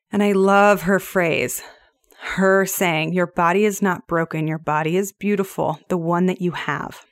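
A woman, probably in her thirties, hosting a reflective solo podcast in a gentle, earnest and measured way. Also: lowish voice, no echo, clean studio sound. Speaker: podcast host.

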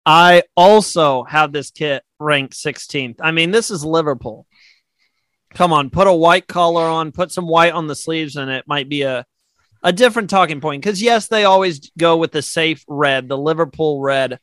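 A man with a fairly high voice chats casually as a podcast co-host. He is easygoing, laughs often and restarts his sentences. The sound is close and dry, with no room around it. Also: moderate pace, a bit bright, dry recording. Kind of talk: casual chat.

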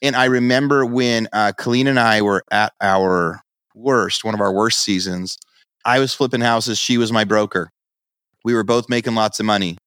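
A man's voice: fairly low pitch, steady tone, moderate pace, a bit bright, clear, resonant tone, no echo, studio quality. A middle-aged man co-hosting a podcast, chatting casually and telling stories that he acts out in quoted dialogue. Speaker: podcast co-host.

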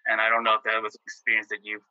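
A man hosting a podcast, asking earnest, measured questions with many fillers. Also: on the low side, monotone, sharp tone, dry recording, muffled recording. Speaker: podcast host. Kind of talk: interview questions.

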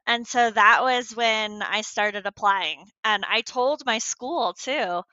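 A woman's voice: a little high, slow pace, bright, forceful tone, no echo. A woman in her thirties, a former teacher, telling her story candidly in an interview, earnest and emotional, with many fillers and restarts. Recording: dull lo-fi sound.

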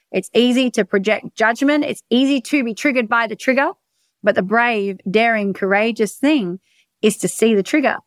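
A woman's voice: medium pitch, no echo. A woman with an Australian accent hosting a casual solo podcast from her bedroom, talking energetically in a chatty storytelling way and swearing freely. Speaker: podcast host.

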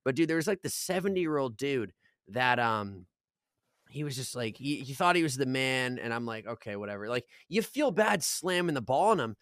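A young man co-hosting a podcast, telling stories in a casual chat, animated and laughing, swearing and acting out quotes. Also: medium pitch, normal speed, no echo, clean studio sound. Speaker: podcast co-host.

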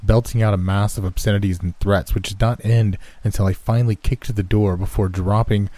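A man narrating a first-person horror story in a steady, scripted storytelling manner. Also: lowish voice, brisk, dry recording.

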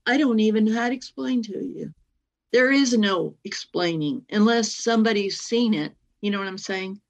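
A woman's voice: mid-range voice, expressive, normal speed, lo-fi sound. A woman in her sixties telling a personal story as a guest, rambling and often circling back to her point. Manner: rambling, keeps circling back with "well, anyway".

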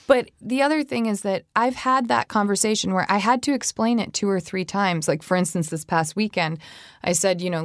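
A woman co-hosts a casual advice chat, sharing personal stories and acting out quotes as she talks. Her mid-range voice moves a little fast, recorded dry with studio quality.

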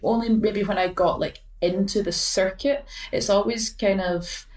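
A woman's voice: medium pitch, fairly even intonation, measured pace, a little mellow. A Scottish woman in her late twenties, a badminton player speaking as a guest, talking thoughtfully with hesitations, fillers and restarts. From Scotland. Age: late 20s. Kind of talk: casual interview chat. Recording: roomy sound from a distant mic.

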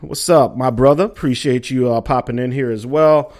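A man's voice: mid-range voice, steady tone, normal speed, darkish tone. A middle-aged man hosting a casual sports talk show, rambling and joking with listeners. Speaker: sports podcast host.

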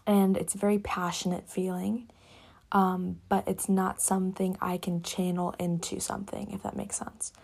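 Soft-spoken young woman with gravelly fry. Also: mid-range voice, flat delivery. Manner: soft-spoken, halting, often drops to a whisper. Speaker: podcast host. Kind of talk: reflective solo talk. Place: her cabin.

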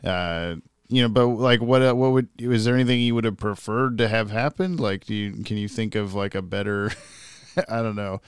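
A young adult man co-hosting a podcast, chatting in a relaxed, rambling way with many fillers. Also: fairly low pitch, normal speed, clear, resonant tone, no room sound, clean studio sound. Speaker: podcast co-host. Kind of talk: casual chat.

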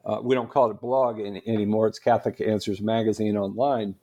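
A man guest on a podcast, telling stories in a lively, animated way and laughing often. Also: lowish voice, a little fast. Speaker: guest apologist. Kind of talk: casual storytelling interview.

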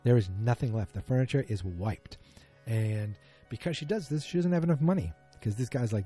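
A man's voice: mid-range voice, a little fast, dark tone, breathy edge, soft background music. A man giving a chatty, opinionated recap of a TV episode, full of fillers and asides.

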